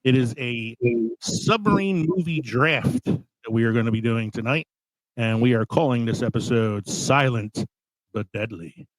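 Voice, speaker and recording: A man's voice: mid-range voice, moderate pace, no echo, rough recording. A man hosting a casual podcast, laid-back and swearing freely, recorded in a small studio. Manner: laid-back, swearing, laughing between lines. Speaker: podcast host.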